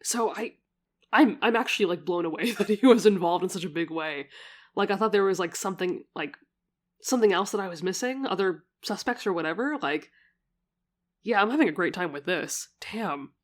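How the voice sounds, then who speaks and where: A young woman commenting casually on a game she is playing, excitable and swearing freely. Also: mid-range voice, brisk. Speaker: let's play host.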